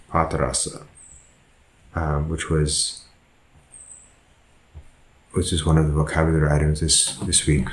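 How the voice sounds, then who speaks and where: A man's voice: very deep voice, reverberant. A man, a monk, teaching a language lesson, who goes through example sentences patiently and often corrects himself. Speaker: Buddhist monk teaching Pali.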